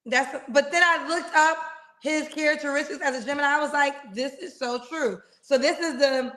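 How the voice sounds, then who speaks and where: A woman's voice: high voice, steady tone, fairly quick, pushed and bright. A woman hosting a live singles dating stream over a video call, chatty and playful, sprinkling in slang like "girl" and "child". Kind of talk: casual live-stream chat.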